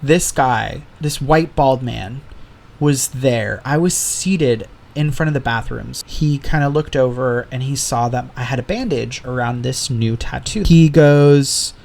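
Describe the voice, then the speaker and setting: A man's voice: mid-range voice, unhurried, gravelly, darkish tone. A man hosting a podcast alone, telling candid stories in casual chat and swearing freely. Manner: candid storytelling, heavy swearing. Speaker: podcast host.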